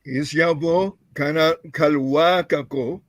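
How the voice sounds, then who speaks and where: A man in a language class, slowly reading out practice sentences. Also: fairly high pitch, steady tone, no echo, clean studio sound. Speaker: student.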